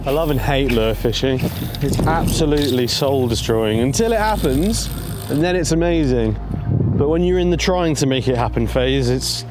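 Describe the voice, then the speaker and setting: An outdoor vlogger in his twenties or thirties chats to the camera beside a lake. He is casual and jokey, pokes fun at himself and talks to the fish. Music plays clearly behind his voice. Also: medium pitch, expressive, moderate pace. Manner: chatty, self-mocking, talks to the fish. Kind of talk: casual talk to camera while fishing and hiking.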